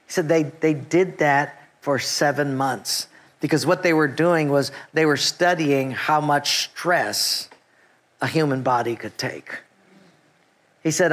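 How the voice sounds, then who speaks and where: A middle-aged man preaching a sermon, telling a personal story and acting out his own past thoughts with animated delivery. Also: fairly high pitch, measured pace. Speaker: pastor.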